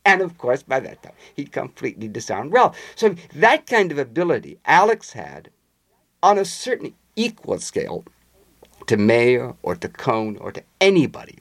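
A man's voice: mid-range voice, vocal fry, husky. A man being interviewed, telling long anecdotes in a conversational way and acting out the voices of the people in them. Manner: animated raconteur, acts out quoted voices. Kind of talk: conversational storytelling.

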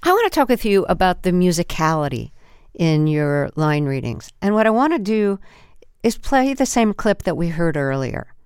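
A woman hosting a radio interview, asking measured, precisely worded questions into a studio microphone. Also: on the low side, very animated, a little mellow, clean tone, no room sound.

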